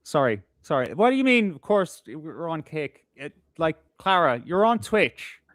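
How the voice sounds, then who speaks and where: A man's voice: on the high side, sing-song, measured pace, fairly bright tone, dry recording, clean studio sound. A man co-hosting a casual reaction chat, sarcastic and joking, with some swearing. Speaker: co-host.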